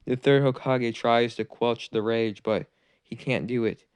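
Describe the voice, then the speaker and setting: A man's voice: medium pitch, fairly even intonation, a little slow, smooth, no echo. A man casually narrating a fan-made what-if anime story, rambling with fillers and restarts.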